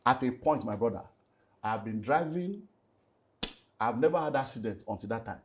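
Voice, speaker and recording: A middle-aged Nigerian man, a pastor, telling an earnest, animated personal story in an interview and slipping into Pidgin. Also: medium pitch, normal speed, slight background noise. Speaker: pastor and relationship speaker.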